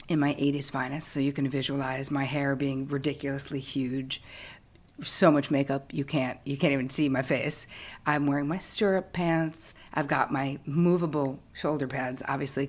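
A middle-aged woman speaks in a low, husky voice, retelling her past with frank, self-mocking candor. She is a guest in an interview. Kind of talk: candid storytelling.

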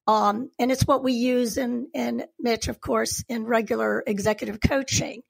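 A woman with a higher, gravelly voice speaks as an executive coach. She talks reflectively, turning questions over out loud. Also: steady tone, normal speed, few pauses. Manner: reflective, poses questions to herself. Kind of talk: casual conversation.

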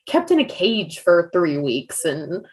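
A woman co-hosting a podcast chats casually about a book, rambling and leaning heavily on "like" as a filler. Her fairly low voice has a sing-song lilt and a slow pace, and the recording is rough.

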